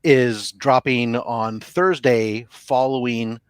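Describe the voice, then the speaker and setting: Man, casual chat, halting and meandering, dry sound, average pitch. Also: steady tone, clear, resonant tone, no room sound. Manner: halting and meandering, with frequent "uh" pauses. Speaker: comic collector describing his box sale.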